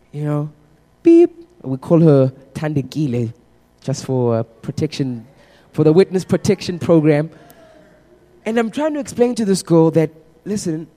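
A young man, giving a casual, humorous testimony as a sermon to a congregation. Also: high voice. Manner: casual, animated storytelling with humor. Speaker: preacher. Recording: echoey hall reverb.

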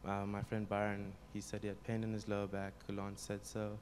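Young man, low and flat, telling a testimony, faint room noise behind. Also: normal speed. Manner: plain, storytelling, frequent ums. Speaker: congregation member giving a testimony. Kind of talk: spoken testimony.

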